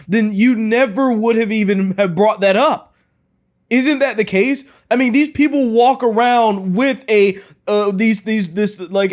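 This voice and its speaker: A man hosting a reaction commentary, talking in an incredulous, mocking way and often repeating himself. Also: sits high. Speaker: commentary host.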